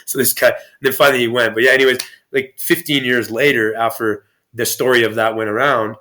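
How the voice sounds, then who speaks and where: A man's voice: medium pitch, steady tone, brisk, sharp tone, a little hiss or hum. A man guest on a podcast interview, telling stories in a rambling, profane way with many restarts. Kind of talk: casual storytelling interview.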